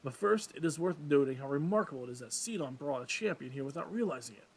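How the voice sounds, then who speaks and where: A man's voice: on the high side, animated, quick pace, a little mellow, slightly rough. A man reading as a stately old fish-folk king. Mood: regal. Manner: formal, courtly phrasing. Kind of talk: let's play voice reading.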